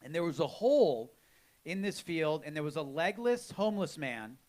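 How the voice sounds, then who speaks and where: A man's voice: a little high, sing-song, moderate pace, a little mellow. A man hosting a live podcast, telling stories in a frank, self-mocking way with rambling restarts. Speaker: podcast host. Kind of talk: live storytelling chat. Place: live show before an audience.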